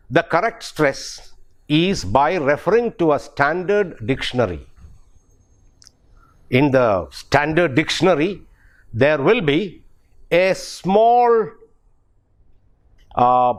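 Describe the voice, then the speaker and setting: A man with an Indian English accent, a professor giving a pronunciation lecture, speaking deliberately and repeating example words to show stress. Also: fairly high pitch.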